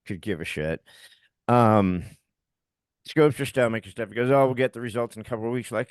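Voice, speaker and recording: A man's voice: mid-range voice, fairly quick, pauses often, clear, resonant tone, no room sound. A middle-aged man co-hosting a podcast, telling a personal story in a heated, profane way and acting out what others said. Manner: profane, heated, recounting events with acted quotes. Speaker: podcast co-host.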